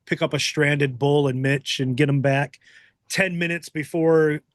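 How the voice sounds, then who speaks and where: Man, podcast host, casual joking chat, somewhat high voice, dry close sound. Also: fairly even intonation, no room sound. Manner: joking, quick asides.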